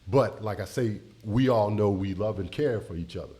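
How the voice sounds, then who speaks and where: A middle-aged man from Tampa Bay, telling an emotional story as a podcast guest, animated and speaking straight to his listeners. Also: on the low side, normal speed. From Tampa Bay, Florida. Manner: animated, addresses listeners as y'all.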